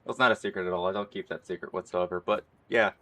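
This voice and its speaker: A hoarse man streaming and chatting casually, rambling and laughing often. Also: sits low, fairly even intonation, fast talker, a bit bright. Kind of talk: casual live-stream chat.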